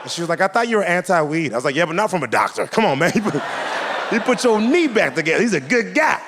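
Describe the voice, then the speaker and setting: A young man performing stand-up comedy before a live audience, his voice sitting a little high and swinging widely as he acts out the people in his stories. The live stage recording carries a faint bed of room noise. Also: very animated, fast.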